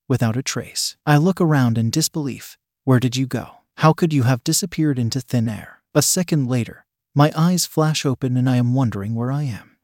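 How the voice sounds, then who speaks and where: A man's voice: medium pitch, a little mellow, no room sound. Man narrating an intimate audio story, dry close sound. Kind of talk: first-person erotic audio story narration.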